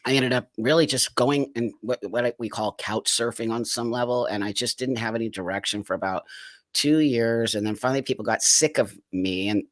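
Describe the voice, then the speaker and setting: A man's voice: mid-range voice, fairly quick, no room sound. A middle-aged man speaking as an interview guest, telling his life story frankly and with energy, sometimes acting out other people's voices. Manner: frank, lively, acts out voices in anecdotes. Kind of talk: candid personal storytelling.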